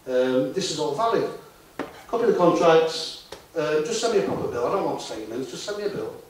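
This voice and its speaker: A man with a fairly high, lively voice talks briskly to a live conference audience, tossing tag questions at the room in a chatty way. The hall is very echoey, he's far from the mic, and there's a little hiss or hum.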